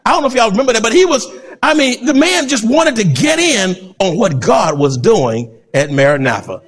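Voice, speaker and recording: A male pastor preaching an animated sermon. He acts out voices and breaks into shouts. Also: high-pitched, normal speed, slightly rough.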